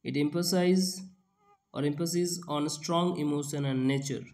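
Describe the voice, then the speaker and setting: A man, working as a tutor who reads out quiz questions and answers, repeating each one slowly and restarting often. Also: on the high side, steady tone, darkish tone. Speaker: exam prep tutor. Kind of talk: reading out and explaining quiz questions.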